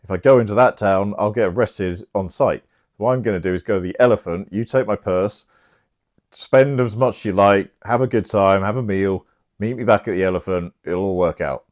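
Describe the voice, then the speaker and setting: A man's voice: fairly low pitch, moderate pace, a little mellow, natural voice. A man voicing a loyal, plain-spoken sea captain giving practical instructions.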